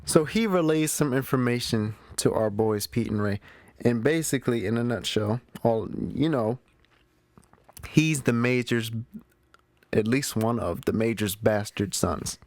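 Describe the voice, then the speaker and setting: A man's voice: mid-range voice, measured pace, a little mellow, no room sound. A man hosting his own movie show, recapping the plot in a casual, slangy way and talking straight to his listeners. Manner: chatty, slangy, talks straight to the audience. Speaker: movie review show host.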